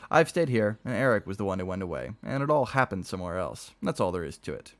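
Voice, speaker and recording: A man reading a novel aloud on a stream, with expressive storytelling delivery. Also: low voice, fast talker.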